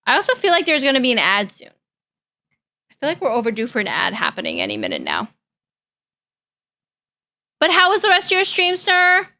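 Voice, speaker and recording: A young adult woman streamer chats casually and playfully with her viewers on a reaction stream, caring and talkative. Her voice is high and sharp, with huge pitch swings, a brisk pace and frequent pauses.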